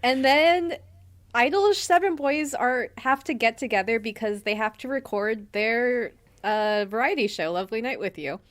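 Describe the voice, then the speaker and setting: Laid-back young woman podcaster, slightly high voice. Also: expressive, moderate pace. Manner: laid-back, recaps with short agreeing murmurs. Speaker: podcast co-host. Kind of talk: casual chat.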